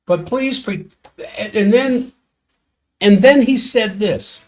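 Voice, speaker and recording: A man's voice: high voice, slow. A man hosting a solo world-affairs commentary stream, sardonic and exasperated as he reads out quotes and reacts.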